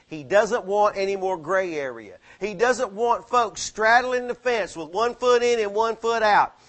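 High-voiced fervent preacher man. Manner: rising to fervent shouted exhortation, rhetorical questions. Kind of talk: sermon.

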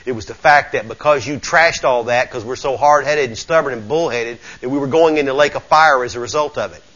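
A man preaching a sermon, fervent and folksy, moving from low murmurs to shouts. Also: a little fast, lo-fi sound.

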